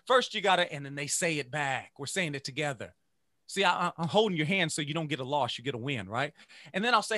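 A man who teaches music, giving an energetic motivational talk to teachers and chanting phrases in rhythm. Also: fairly high pitch, fast, dry recording. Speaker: music educator.

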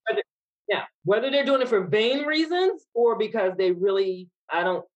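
A woman's voice: on the high side, lively intonation, normal speed, dull audio. A woman who is a podcast guest, thinking aloud in a hesitant, reflective way during casual conversation.

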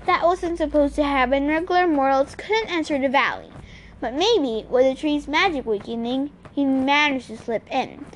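A woman's voice: high voice, normal speed, a little hiss or hum. A woman reading a novel aloud in a plain storytelling manner. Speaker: audiobook reader.

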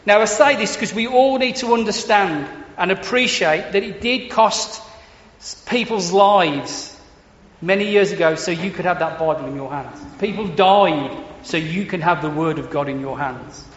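A man's voice: high-pitched, moderate pace. A man preaching a sermon, emphatic, repeating words for stress and asking rhetorical questions. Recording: echoey hall, dull lo-fi sound, faint hiss.

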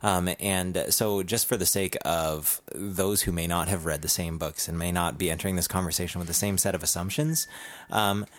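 A man's voice: sits low, fairly even intonation, normal speed, no room sound. A man, a Bible teacher, asking questions thoughtfully in casual conversation, with frequent ums. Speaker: Bible teacher, podcast host.

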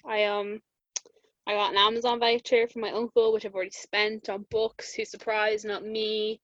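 A woman's voice: medium pitch, level tone, normal speed, a bit bright, no room sound, lo-fi sound. A young woman with an Irish accent, chatting casually and telling stories full of "like" fillers and laughter. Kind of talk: casual chat.

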